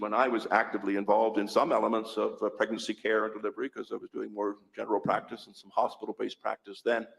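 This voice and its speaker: Older male doctor, low and gravelly, earnest hearing testimony, a bit winded. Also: rough recording. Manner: earnest and emphatic, repeating key figures. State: a little out of breath. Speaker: physician giving testimony.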